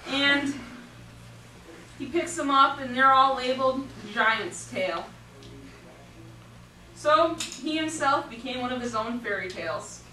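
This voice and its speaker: A woman's voice: high-pitched, slow pace, pauses often, over music. Giggly woman telling a rambling story. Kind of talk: improvised storytelling. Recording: roomy, distant mic, noisy.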